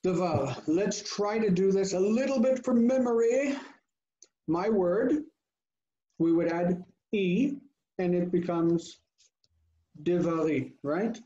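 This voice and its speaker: A man teaches grammar to a class over a video call, his voice somewhat high and mellow. He works through the forms patiently, reading endings aloud and putting questions to his students. The audio is dull and lo-fi. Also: expressive, slow pace, long pauses. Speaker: Hebrew teacher. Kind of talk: online class lecture.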